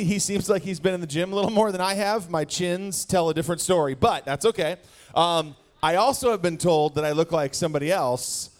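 A man in his forties from Wisconsin, giving a playful sermon as guest speaker and joking straight with the crowd in a church hall. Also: a little high. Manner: jokey, animated, talks straight to the crowd.

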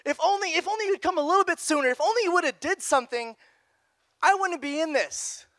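A man's voice: extremely high pitch, fast, bright, forceful tone, no echo, studio quality, pitched above the performer's own voice. A man voicing a grieving, confused woman who pleads in a rush, in a youth sermon. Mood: pleading.

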